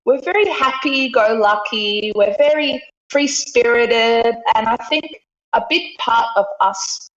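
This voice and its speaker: An Australian woman talks as a guest in a casual interview, often laughing as she goes. Her voice sits fairly high and is cheerful and chatty. The sound is roomy and a little muffled. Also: a little slow, fairly bright tone. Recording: echoey room, dull lo-fi sound.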